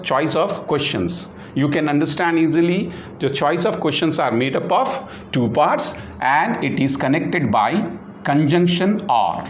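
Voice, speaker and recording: A man's voice: a little high, roomy sound, slight background noise. A man with an Indian English accent teaching an English lesson, explaining patiently and repeating himself with many fillers. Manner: repetitive, many fillers, spells words out. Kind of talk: slow classroom explanation.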